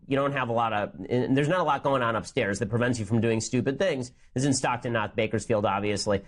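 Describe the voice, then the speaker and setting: Rapid-fire sarcastic male commentator. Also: medium pitch. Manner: rapid, sarcastic, mocking asides. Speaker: political commentary show host. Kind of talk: combative scripted political commentary.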